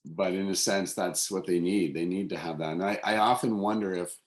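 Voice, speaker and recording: A man with a very low voice, speaking as the interviewer in a casual, thoughtful way. He halts and restarts often as he works through his ideas. His voice carries a roomy echo. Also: fairly even intonation. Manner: halting, many restarts, thoughtful. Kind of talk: casual conversation.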